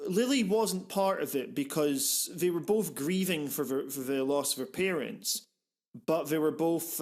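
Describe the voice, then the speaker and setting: A man with a fairly high voice talks films on a podcast, rambling from one thought to the next. He gets animated and swears casually, and he fills the gaps with quick restarts. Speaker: podcast host. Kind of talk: casual film discussion.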